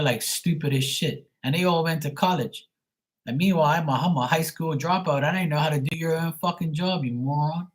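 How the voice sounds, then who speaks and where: A man's voice: fairly high pitch, rough recording. A man from Bermuda ranting on a live stream, swearing often, exasperated and restarting his sentences. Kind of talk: casual live-stream rant.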